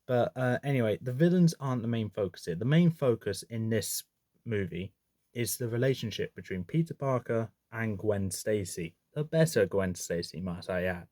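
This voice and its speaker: A man's voice: fairly low pitch, expressive, normal speed, mellow, no echo, clean studio sound. A man giving a casual, opinionated film ranking, chatty and often correcting himself mid-sentence. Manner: chatty, opinionated, self-correcting with frequent restarts. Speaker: movie reviewer. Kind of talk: casual movie ranking commentary.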